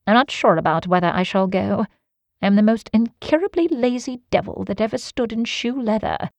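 A woman's voice: medium pitch, brisk, dry recording, close to an everyday voice. A woman voicing Sherlock Holmes, an aloof Victorian detective, in a cool, offhand, lecturing manner.

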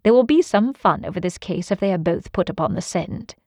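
A woman's voice: fairly low pitch, animated, a little fast, a little mellow, dry recording, studio quality. A woman voicing Sherlock Holmes, an aloof Victorian detective, in a cool, offhand, lecturing manner.

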